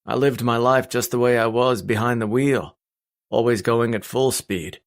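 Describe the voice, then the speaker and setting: A man reading a first-person audiobook in a blunt, steady storytelling manner. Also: medium pitch, normal speed. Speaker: audiobook narrator.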